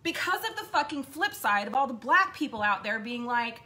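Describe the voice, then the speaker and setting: A woman's voice: fairly high pitch, expressive, normal speed, hardly any pauses, pushed and bright. A woman host giving an impassioned, blunt monologue, swearing often and repeating points for emphasis. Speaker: podcast host.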